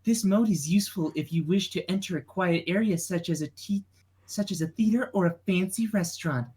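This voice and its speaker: A man voicing a phone's automated voice in a casual comic reading, mock-mechanical and ending in high beeps. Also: fairly quick, a little mellow, breathy edge. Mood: mock robotic. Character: phone's automated voice, beeping as it shuts down.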